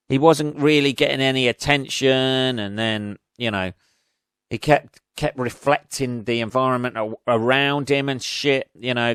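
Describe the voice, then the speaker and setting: Sweary, self-mocking comedian with a smooth voice. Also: male voice, mid-range voice, fairly bright tone, dry recording, studio quality. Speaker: comedian and podcast host. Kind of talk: rambling casual monologue. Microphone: studio podcast mic.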